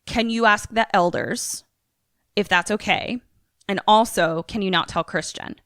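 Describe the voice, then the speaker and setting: A woman's voice: medium pitch, a little slow, no room sound, clean studio sound. A young adult woman, a podcast co-host, casually recapping a film and acting out the characters' lines. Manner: animated storyteller, acts out characters' lines.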